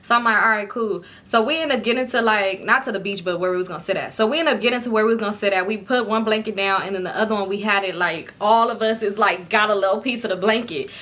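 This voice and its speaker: A young woman casually telling a storytime vlog, profane and animated, acting out what others said. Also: medium pitch, fast talker, few pauses. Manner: animated, profane, acts out quotes. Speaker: storytime vlogger.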